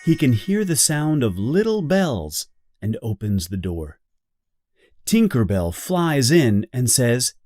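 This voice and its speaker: Slow, deliberate male storybook reader. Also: medium pitch, no room sound, studio quality. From Brazil. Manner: clear, deliberate, expressive. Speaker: audiobook reader. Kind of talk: slow graded reader for beginners.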